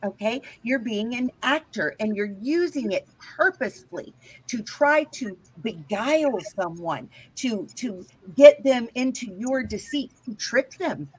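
A woman's voice: on the high side, expressive, measured pace, husky, low-quality recording. A woman teaching scripture in an emphatic way, often checking in with her listeners. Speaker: Bible teacher.

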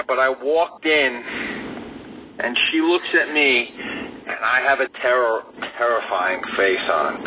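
Casting note: a slow-talking man with a slightly high voice, animated rant, recorded on a tinny phone memo with background noise. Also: far from the mic. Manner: animated storyteller, yells in bursts. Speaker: listener sending a voice message. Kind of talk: ranting voice memo.

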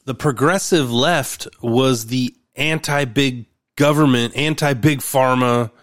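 A man's voice: medium pitch, takes it slowly, fairly bright tone, no room sound, studio quality. A man hosting a podcast, talking bluntly and wryly in casual chat, swearing freely. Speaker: podcast host.

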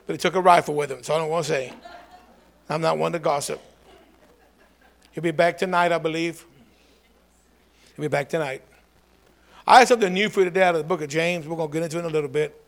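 A man preaching a lively call-and-response sermon, swinging from low asides to shouted calls for a response. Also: very fast, gravelly.

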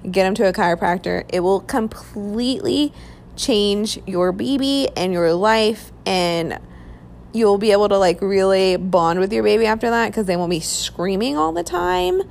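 A woman's voice: mid-range voice, lively intonation, moderate pace, gravelly, darkish tone, slight background noise. A young woman casually telling her own birth story, chatty and candid with plenty of "um" and "like". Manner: chatty and candid, many fillers like "um" and "like". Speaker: mother sharing a birth story.

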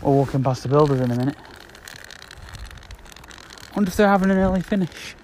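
Man, 30s, rambling chat, slightly high voice, faint background noise. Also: expressive, fairly quick, darkish tone. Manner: chatty, meandering, repeats himself. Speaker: podcast host. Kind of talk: rambling casual monologue. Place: outdoors walking around the block.

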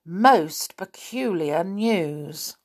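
A woman reading a children's story aloud, voicing an eager schoolboy in a raised, excited, slightly husky voice. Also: medium pitch, measured pace. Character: eager schoolboy telling his news.

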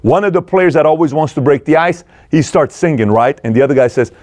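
A man's voice: brisk, dry recording, clean studio sound. A man telling a story with energy, acting out the lines of the people in it. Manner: energetic, acts out dialogue, swings between loud and low. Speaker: speaker retelling a film and business lessons. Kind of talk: animated storytelling talk.

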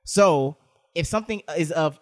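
A man co-hosting a casual podcast, joking and ranting in big swings from loud outbursts to low mutters. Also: normal speed. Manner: animated, jokey rants that swing from loud to muttered. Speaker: podcast co-host.

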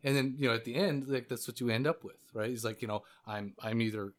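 Man, podcast co-host, mid-pitched voice, loose and rambling, jokey. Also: quick pace. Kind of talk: casual podcast chat.

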